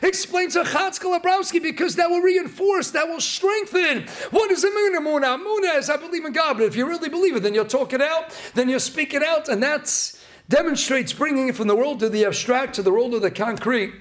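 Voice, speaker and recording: Man, rabbi, Torah sermon, emphatic, repetitive, very high pitch. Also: fairly quick, a bit bright.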